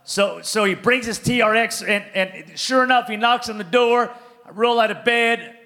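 A pastor from California telling a comic story in a sermon, animated and playful, calling out to his congregation. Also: sits high, normal speed.

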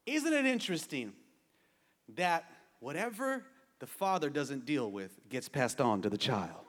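Lively high-voiced preacher in a reverberant church. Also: male voice, measured pace. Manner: animated, playful, calls out to the congregation for amens. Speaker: pastor. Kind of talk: sermon. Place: church sanctuary with a congregation. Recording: long reverb of a large hall.

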